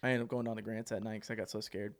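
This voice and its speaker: A young man with a Midwestern American accent, co-hosting a podcast, telling stories in animated casual chat and swearing freely. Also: lowish voice, racing. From Ohio. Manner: animated, swears a lot, acts out quotes loudly. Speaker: podcast co-host.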